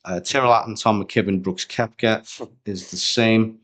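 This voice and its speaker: Young man, low voice, casual podcast chat, rambling, slangy. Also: steady tone, moderate pace. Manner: chatty, rambling, slangy banter. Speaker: podcast co-host.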